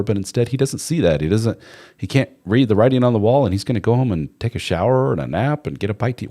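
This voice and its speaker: A man with a very deep voice hosts a live advice stream in a loose conversational way. His intonation swings widely as he talks, and he is blunt and candid, with the odd swear word. He slips into mock voices for the people he quotes. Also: lively intonation, quick pace, dark tone.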